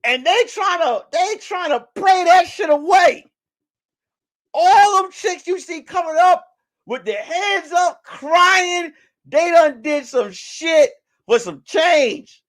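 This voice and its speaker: A man hosting a live stream, telling stories in a loud, animated and profane way that breaks into shouts on punchlines. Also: extremely high pitch, slow pace. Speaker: host. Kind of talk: casual live-stream storytelling.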